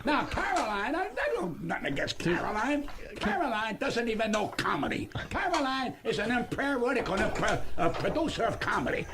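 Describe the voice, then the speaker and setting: A man in his seventies, a comedian guest on a radio show, telling stories in a brash, profane, lecturing way. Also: extremely high pitch. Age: 70s. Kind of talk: radio interview storytelling. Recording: archived radio clip with steady hiss.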